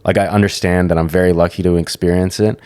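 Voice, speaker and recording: A man's voice: low voice, fairly even intonation, quick pace, darkish tone, clean tone, dry recording. A young man chatting casually on a podcast, rambling and swearing freely as he tells stories. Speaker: podcast co-host.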